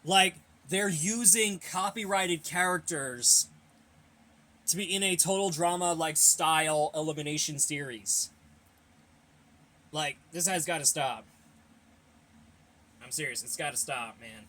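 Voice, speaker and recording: A man's voice: on the high side, measured pace, pauses often, sharp tone. A young man hosting a casual Q&A, reading viewer questions and giving blunt, rambling opinions while a little out of breath. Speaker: host of a fan Q&A channel.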